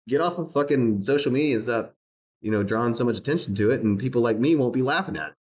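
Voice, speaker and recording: A man's voice: mid-range voice, fairly quick, a little mellow, highs cut off. A man streaming a reaction rant, mocking and laughing as he talks, swearing and repeating himself.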